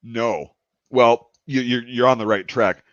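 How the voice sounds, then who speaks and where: A man's voice: mid-range voice, fairly even intonation, a little slow, fairly bright tone, no echo. A man casually telling a long, profane anecdote on a podcast. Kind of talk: casual storytelling. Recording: dull, dry lo-fi sound.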